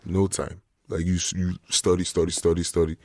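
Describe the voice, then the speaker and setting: A man's voice: low-pitched, completely flat delivery, brisk, no echo, clean studio sound. A young man, a DJ, telling stories in a laid-back casual chat full of slang. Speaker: DJ guest.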